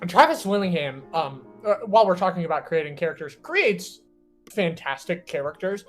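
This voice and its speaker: A man co-hosting a podcast, in a casual chat, telling tabletop game stories in an animated way with many fillers. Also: sits high, moderate pace, faint music behind. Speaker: podcast co-host and tabletop player.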